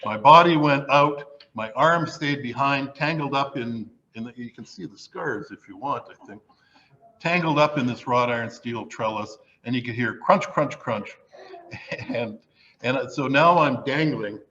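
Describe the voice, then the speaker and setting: A man spins a comic story before a live audience, mocking himself and acting out the scenes as he goes. His voice sits at an ordinary pitch, and the recording sounds a little dull and lo-fi. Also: a little slow. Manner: animated, self-mocking, acts out the story.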